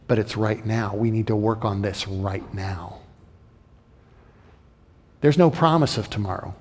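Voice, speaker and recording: A man preaching a sermon in an earnest manner, repeating phrases for emphasis and moving between loud urging and quiet, close remarks. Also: fairly low pitch, measured pace, long pauses, breathy edge. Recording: long hall reverb.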